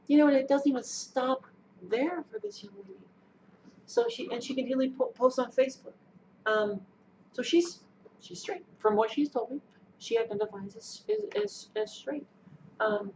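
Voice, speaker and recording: Earnest woman telling a personal story. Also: a little high. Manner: earnest, repeats herself, halting restarts. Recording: dull lo-fi sound with faint noise.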